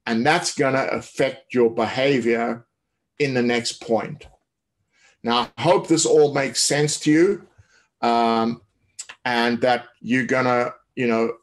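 A man giving a coaching webinar, explaining in a loose way with many fillers and restarts. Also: mid-range voice. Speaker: tennis coach. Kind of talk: webinar talk.

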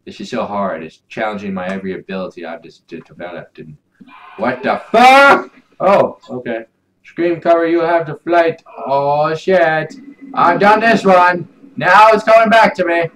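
Excitable swearing young gamer guy. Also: fairly high pitch, moderate pace, slight background noise, low-quality recording. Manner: loud, swings between shouting and mumbling, swears a lot. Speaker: gaming YouTuber. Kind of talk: let's play commentary.

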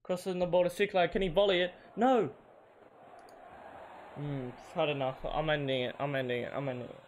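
A man's voice: fairly high pitch, fairly even intonation, fast talker. Young man raging over a football game. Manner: frustrated, yelps and groans at misses. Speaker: gamer. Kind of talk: casual gameplay commentary.

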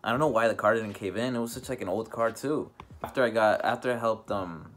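A man's voice: lowish voice, brisk, soft background music. A young man telling a casual storytime vlog, rambling with many fillers and restarts. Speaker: vlogger.

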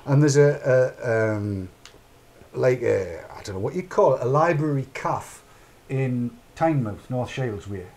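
A man's voice: mid-range voice, lively intonation, unhurried, a little mellow. A middle-aged man, hosting a casual chat show in a rambling, chatty way and narrating his own actions aloud. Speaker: podcast host.

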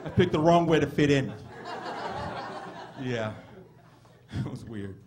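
A medium-pitched young comedian works through story-based stand-up at a club, full of animation and stretched-out exclamations. The background is noisy.

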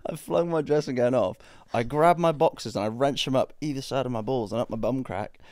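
A young man co-hosting a podcast, telling stories in an animated way and laughing often. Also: medium pitch, moderate pace, no echo. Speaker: podcast co-host. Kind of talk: casual chat.

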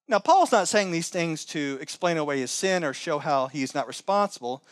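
A man preaching a sermon as pastor, swinging between loud, high exclamations and low, quiet asides. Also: animated, normal speed, hardly any pauses, dry recording, clean studio sound. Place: church sanctuary.

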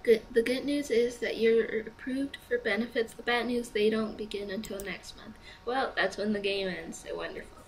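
A woman's voice: fairly high pitch, steady tone, moderate pace, hardly any pauses, a little hiss or hum, rough recording. A young woman playing a choice-based game, reading the prompts aloud and chatting through her decisions, sleepy and yawning. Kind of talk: let's play commentary.

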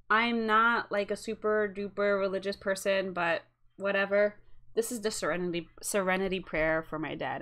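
A woman's voice: medium pitch, a bit bright. Chatty young woman showing a craft haul. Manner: chatty and rambling, with asides and apologies. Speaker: cross-stitch vlogger. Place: home.

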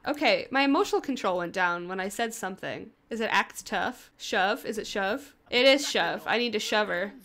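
A young woman casually commenting on her own gameplay, playful and excitable, often chanting commands over and over. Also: medium pitch, moderate pace, few pauses. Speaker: gaming video host.

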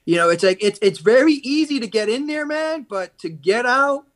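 A man's voice: very high-pitched, animated, moderate pace, fairly bright tone. A man on a podcast as a guest, telling blunt, profane stories in casual chat. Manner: profane, blunt, emphatic storytelling.

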